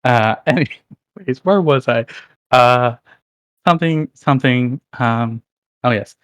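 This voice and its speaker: A man speaks in a laid-back, amused way during casual tabletop play. His voice sits at middle pitch and is recorded close and dry. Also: slow pace, a bit bright, dry recording. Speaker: player.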